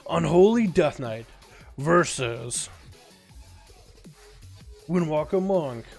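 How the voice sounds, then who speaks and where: A young man hosting a casual gaming livestream, sick, talking in an excitable, rambling way and laughing often. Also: a little high, extremely slow, gravelly, soft background music. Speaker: livestream host. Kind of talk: casual gaming stream chat.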